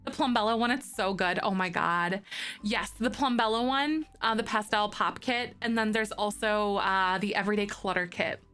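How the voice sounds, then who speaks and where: A young woman streaming live, chatting casually with her viewers, greeting them by name and squealing when something excites her. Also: medium pitch, moderate pace, clear, resonant tone, faint music behind. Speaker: Twitch streamer. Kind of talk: casual live-stream chat while playing a game.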